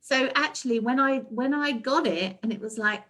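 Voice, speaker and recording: A woman's voice: high voice, normal speed, sharp tone. Earnest reflective woman guest. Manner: earnest, reflective, many restarts. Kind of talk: casual heartfelt chat.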